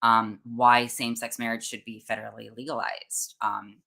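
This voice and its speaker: A woman's voice: rumbling low, little pitch movement, normal speed, creaky, pushed and bright. A young woman hosting a casual conversation, a chatty storyteller who laughs often and mimics other people's voices. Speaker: host.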